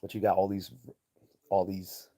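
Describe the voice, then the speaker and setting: A man's voice: low voice, monotone, moderate pace, mellow. A man hosting a livestream, giving blunt, profane, rambling commentary and reading chat messages aloud. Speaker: livestream host.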